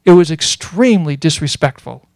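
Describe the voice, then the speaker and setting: A man giving a sermon as a Bible teacher, earnest and explanatory, pausing often with fillers. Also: on the high side, expressive, a little mellow, no echo.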